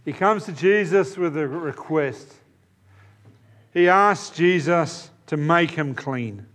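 A man's voice: a little high, lively intonation, slow pace, fairly bright tone. A man preaching a sermon in an earnest, emphatic way, often repeating key phrases. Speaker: pastor.

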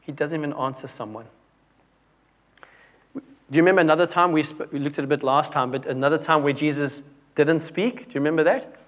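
This young adult preacher has a highish, slightly bright voice, speaking briskly but pausing often. His sermon stays conversational, with restarts and dramatic drops in volume whenever he stresses a point.

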